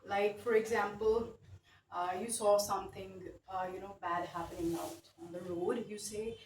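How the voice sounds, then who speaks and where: A woman's voice: mid-range voice, steady tone, normal speed, a little hiss or hum. A woman teaching a grammar lesson, explaining patiently with many fillers and tag questions. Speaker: English teacher. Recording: echoey room, mic at a distance, faint ambience.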